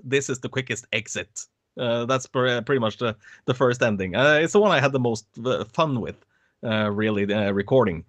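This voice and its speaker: A man talks through his work in a relaxed, halting way, leaning on fillers and breaking into laughter now and then. His voice sits at an ordinary middle pitch, and the sound is dry with no room around it. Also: no echo. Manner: hesitant, many "uh" fillers, laughs often. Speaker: voice actor guest. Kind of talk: casual interview chat.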